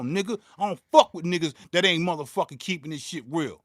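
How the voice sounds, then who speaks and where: A man's voice: fairly high pitch, fairly quick, few pauses, dry recording, clean studio sound. A man, hosting his own beatmaking channel and ranting in a profane, heated way, stumbling and repeating words as he gets worked up. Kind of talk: livestream rant.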